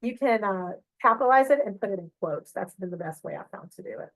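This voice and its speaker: A middle-aged woman librarian walks through software on a shared screen, chatty and full of fillers and check-ins. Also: medium pitch, lively intonation, quick pace, no room sound, poor audio. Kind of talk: screen-share tutorial walkthrough.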